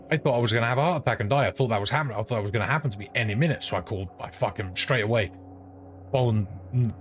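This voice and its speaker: A man streaming a game, telling a long story in rambling, profane casual chat. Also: fairly low pitch. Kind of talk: casual chat while gaming. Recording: steady background noise.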